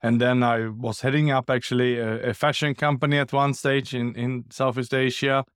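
Guest executive, middle-aged, Swedish accent with Australian tinge, measured and polite, mid pitch, dry sound. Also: male voice, steady tone, fairly bright tone, clean tone, dry recording. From Sweden. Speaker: guest, business executive and author. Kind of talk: interview answers.

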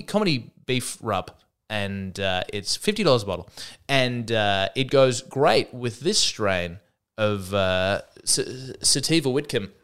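A man's voice: mid-range voice, a bit bright, clean tone. A man with an Australian accent, hosting a solo comedy podcast, rambling and self-deprecating with sarcastic asides.

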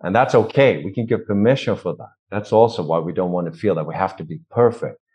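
A man's voice: low voice, a little fast, a little mellow. A man from Sweden with a Swedish accent, a vocal coach explaining voice technique in an interview and demonstrating sounds aloud.

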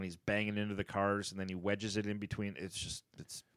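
A man co-hosting a casual podcast chat, retelling favorite comedy scenes and acting out the characters' lines with big pitch jumps and laughs. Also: a little fast, no echo. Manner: animated, acts out quotes with pitch jumps and laughs. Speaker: podcast co-host. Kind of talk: casual chat, ranking favorite sitcom moments.

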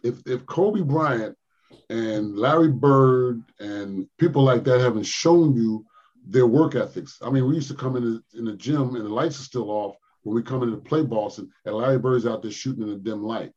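Husky older man telling stories. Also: mid-range voice, moderate pace, lo-fi sound. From Philadelphia, US. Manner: animated storyteller, acts out quotes with laughs. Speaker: guest, former pro basketball player. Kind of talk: storytelling interview.

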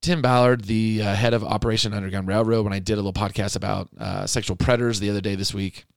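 A man's voice: lowish voice, steady tone, fast talker, gravelly, no echo, studio quality. A middle-aged man hosting a podcast, talking in an impassioned monologue that is indignant, emotional and pleading. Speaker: podcast host.

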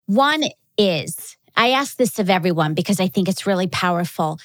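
A woman hosting an interview, asking questions in a measured, encouraging way. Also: fairly low pitch, animated, no echo. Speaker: host. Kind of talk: podcast interview.

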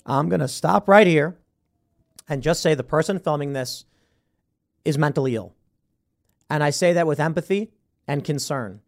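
A man hosting a political commentary show, talking in an animated, sarcastic, combative way. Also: on the high side, moderate pace, gravelly, long pauses. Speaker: host.

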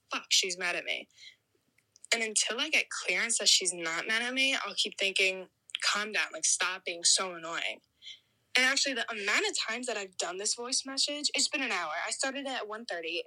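A woman's voice: a little high, sharp tone. A young woman caller leaving an anxious, rambling voicemail, recorded on a phone from a distance. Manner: anxious, rambling, self-critical. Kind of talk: voicemail message.

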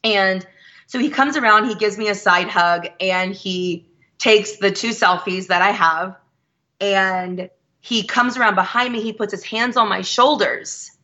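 Woman in her 30s chatting, acts out the quotes, bright tone, kinda muffled audio. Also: mid-range voice, a little slow. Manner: animated, quotes people in her stories. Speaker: guest. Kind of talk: casual storytelling.

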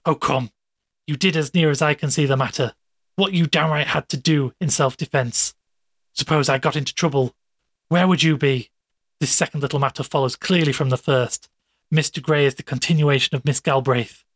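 A man voicing a smooth, domineering male doctor who talks in a persuasive, coaxing way. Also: on the high side, steady tone, moderate pace, no echo.

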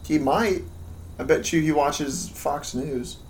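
A man's voice: fairly high pitch, takes it slowly, a little hiss or hum. A young man co-hosting a podcast, trading crude, joking banter and riffing on silly bits. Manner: jokey, riffs on bits and silly accents. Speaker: podcast co-host.

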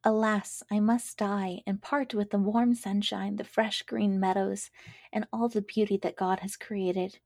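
A woman reading a storybook, voicing a thirsty, dying captive lark in a breathy, half-whispered lament. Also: mid-range voice, little pitch movement, a little slow, darkish tone, dry recording, studio quality. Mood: parched lament.

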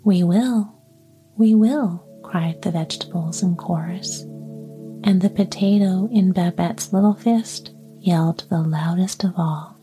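A woman reading a children's story aloud in a soft, unhurried whisper. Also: lowish voice, fairly even intonation, soft background music. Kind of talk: whispered role-play.

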